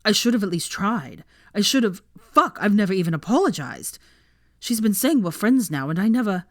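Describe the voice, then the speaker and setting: A woman's voice: lowish voice, animated, moderate pace, no echo, studio quality. A woman voicing a remorseful, desperate young man in a fan fiction reading, with an urgent, pained delivery. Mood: anguished.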